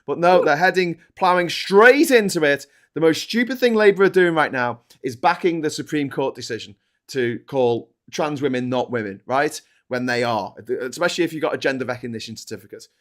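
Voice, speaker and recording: A man's voice: a little high, lively intonation, fairly quick. A man co-hosting a live political podcast, ranting passionately and swearing freely. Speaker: co-host.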